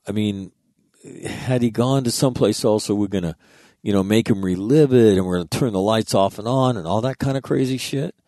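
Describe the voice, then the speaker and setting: A man's voice: deep voice, gravelly, warm tone, no echo, clean studio sound. A man telling an earnest story in a casual monologue, reading out text messages and swearing freely.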